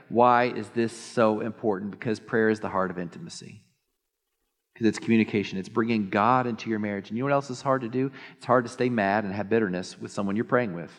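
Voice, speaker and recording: A male pastor preaching a sermon in an animated, joking way, often mimicking others in a high voice. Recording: long hall reverb.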